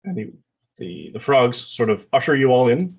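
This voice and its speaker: A man narrating as dungeon master in a tabletop game, with halting, filler-heavy delivery. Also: medium pitch, big pitch swings, slightly rough.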